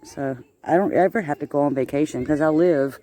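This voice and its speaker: A woman's voice: low voice, brisk, warm tone. A woman, talking casually to her viewers as she films a walk through a swamp on her phone. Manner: chatty, exclaiming at the scenery. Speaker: vlogger. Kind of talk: casual walking vlog. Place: outdoors on a swampy nature walk. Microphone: handheld phone camera. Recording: faint background noise.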